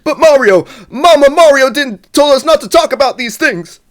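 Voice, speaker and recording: A man doing a high, loud impression of the plumber Luigi, pleading and whiny. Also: animated, moderate pace.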